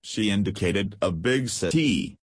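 Male audiobook narrator, low voice, dry close recording, measured pace. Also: expressive, no room sound. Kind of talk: scripted narration.

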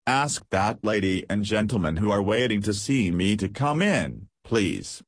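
Audiobook: a soothing, good-humored detective, read by a male narrator; low, dry. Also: very animated, measured pace, breathy edge, no room sound, full character voice. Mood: reassuring. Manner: gentle, reassuring. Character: genial, soothing police detective, man. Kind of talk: audiobook character reading.

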